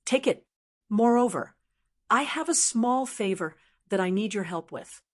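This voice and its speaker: A woman voicing a composed young male master who speaks calmly with faint mockery. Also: medium pitch, unhurried. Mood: calm mocking. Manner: calm and faintly mocking. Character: calm, mocking young male master in white.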